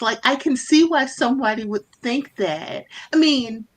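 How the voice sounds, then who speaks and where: A woman co-hosting a writing stream, relaxed and amused in casual chat. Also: fairly high pitch, normal speed, hardly any pauses.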